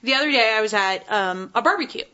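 A woman with a fairly high voice tells a story on a casual podcast, animatedly acting out what everyone said. The audio is dull and lo-fi. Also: lively intonation, fast talker, bright, forceful tone. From Texas. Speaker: podcast co-host.

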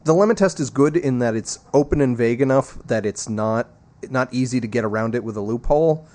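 A man's voice: mid-range voice, brisk, darkish tone. A man co-hosting a podcast, talking in a loose, joking way. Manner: joking, goofy asides. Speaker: podcast co-host. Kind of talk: casual chat.

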